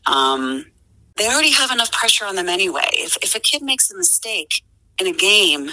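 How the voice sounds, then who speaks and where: A woman's voice: medium pitch, very animated, normal speed, bright, forceful tone, low-quality recording. A woman in her forties talking earnestly as a podcast guest, with many fillers and restarts. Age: 40s. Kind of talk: casual conversation.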